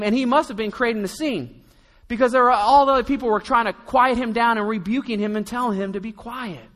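A man with a high, bright voice preaches a sermon, telling the story in a loose, chatty way and slipping into the voices of its people. His words ring out through a hall with a long reverb. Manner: storytelling, conversational, acts out quotes. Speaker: pastor.

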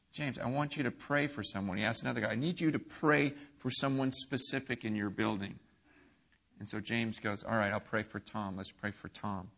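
Animated preaching man, bright voice. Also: fairly high pitch. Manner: animated, acts out quotes, swings from hushed to shouting. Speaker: pastor. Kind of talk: sermon storytelling.

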